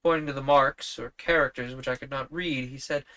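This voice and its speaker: A man reading an old novel aloud on a stream, narrating in an unhurried, measured storytelling manner. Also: medium pitch, fairly even intonation, pushed and bright.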